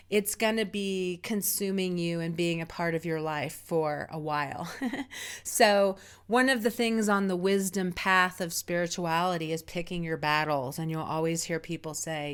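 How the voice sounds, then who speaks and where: A woman's voice: fairly low pitch, clear, resonant tone. A woman giving casual spiritual advice in a reflective, meandering, conversational way. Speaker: spiritual guide.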